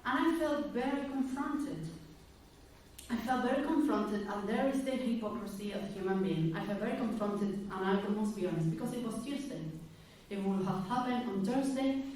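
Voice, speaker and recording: A woman's voice: mid-range voice, animated, moderate pace, a little mellow. Woman preaching, telling her story and doing the voices, super echoey church, a bit far off the mic, faint hiss. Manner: storytelling, acting out quoted voices, candid. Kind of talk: personal testimony sermon. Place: church hall.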